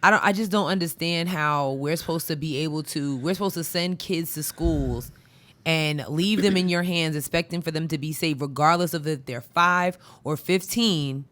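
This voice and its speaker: A woman's voice: low-pitched, moderate pace, a bit bright. A woman co-hosting a podcast in casual chat, talking in a reflective, conversational way and pressing hard on key points. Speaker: podcast co-host.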